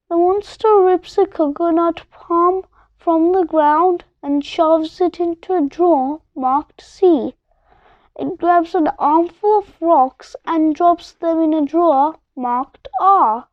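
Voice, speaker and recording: A woman reads a children's chapter book aloud, taking her time with each line in a very high voice. The sound is dry and close, with a dull, lo-fi tone. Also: takes it slowly, no room sound. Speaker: storybook reader. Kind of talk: read-aloud narration.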